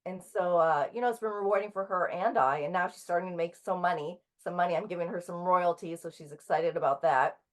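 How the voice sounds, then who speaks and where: A woman in her thirties, a guest author talking casually in an interview, halting with frequent ums and restarts. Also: fairly low pitch.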